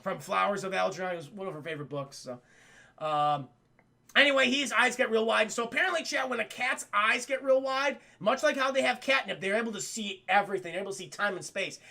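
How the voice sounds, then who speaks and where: Gravelly, excitable man recapping for chat. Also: high-pitched. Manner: profane, excitable storyteller who keeps addressing chat; acts out the characters' lines in quick voices. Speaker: streamer reviewing a cartoon. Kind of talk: casual livestream recap.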